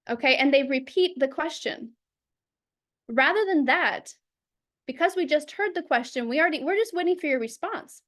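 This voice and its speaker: A woman teaching public speaking over a video call, lively and acting out examples in quoted voices. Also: sits high, moderate pace. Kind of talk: instructional talk.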